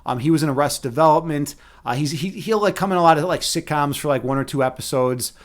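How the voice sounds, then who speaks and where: Male streamer in his thirties, slightly high pitch, loose profane storyteller, casual chat with viewers. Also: quick pace. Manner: rambling, profane, laughs at own stories; many restarts and fillers, animated storytelling. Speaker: live stream host.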